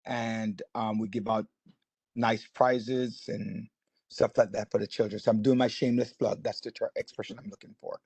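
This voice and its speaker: A man's voice: on the low side, little pitch movement, normal speed, vocal fry, darkish tone, husky, no echo. Man chairing a meeting, hesitant and upbeat. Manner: hesitant, filler-heavy, good-humored. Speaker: community board chair. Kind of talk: casual meeting remarks. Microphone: video call mic.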